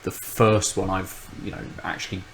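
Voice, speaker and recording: Podcast co-host: man, lowish voice, halting and rambling, always restarting his sentences. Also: flat delivery, a bit bright, a little hiss or hum, poor audio. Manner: rambling, thinks aloud with many restarts. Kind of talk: casual chat.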